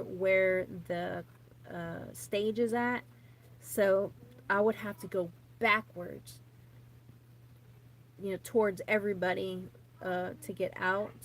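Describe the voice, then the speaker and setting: A woman's voice: mid-range voice, a little hiss or hum. A woman in her thirties, a vlogger, rambling chattily and nervously to camera with many fillers and restarts. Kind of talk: casual rambling chat to camera.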